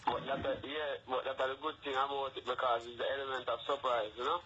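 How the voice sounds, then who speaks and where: Bright laid-back man with Jamaican patois. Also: medium pitch, level tone, fast, dull audio, slight background noise. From England. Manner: laid-back, peppers speech with "you know" and "man". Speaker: phone-in guest, dancehall artist. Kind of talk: casual radio interview.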